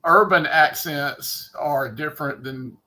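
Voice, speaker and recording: A man from Mississippi with a Mississippi Southern accent, a guest chatting casually on a livestream, halting and often restarting his sentences. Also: a little high, bright, forceful tone. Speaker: guest watch collector.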